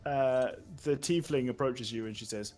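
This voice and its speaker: A man's voice: medium pitch, moderate pace, a little mellow, soft background music. A man running a tabletop game as game master, narrating scenes and bantering with laughter, over voice chat.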